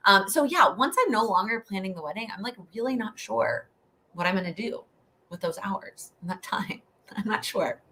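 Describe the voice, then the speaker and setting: A woman's voice: mid-range voice, animated, moderate pace, sharp tone. A young woman hosting a live Q&A stream, chatty and rambling, laughing often as she answers questions. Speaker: host.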